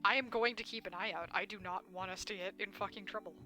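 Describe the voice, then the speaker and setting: A woman streamer reading a visual novel aloud, with excited, swearing asides. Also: mid-range voice, quick pace, faint music behind.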